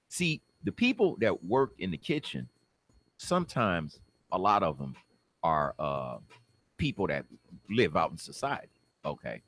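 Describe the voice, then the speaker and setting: A man from the Detroit area telling a personal story in a casual, animated way and acting out the people in it. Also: sits low, slow pace, long pauses. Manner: animated, acts out the people in his story, laughs.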